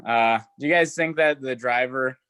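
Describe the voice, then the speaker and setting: A young man in his twenties doing stand-up with a bright, forceful tone. He talks in a halting, self-deprecating way and fills gaps with "uh" and "like". The sound is dry and close, with no room around it. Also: mid-range voice, clean tone, no room sound. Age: 20s. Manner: halting, self-deprecating delivery with many fillers. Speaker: stand-up comic. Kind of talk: stand-up set over a video call.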